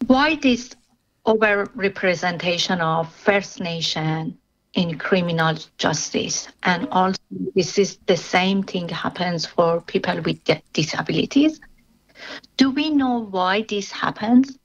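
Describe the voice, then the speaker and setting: Slow, measured woman interviewer. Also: fairly low pitch, lo-fi sound. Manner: measured, with brief affirming interjections. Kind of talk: interview questions.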